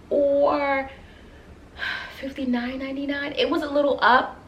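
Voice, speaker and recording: In an echoey bedroom with a faint hum, a lifestyle vlogger talks to her viewers from a camera on the floor at eye level. She gushes and chats casually, calling them "you guys," in a high voice with little pitch movement, speaking unhurriedly and pausing often.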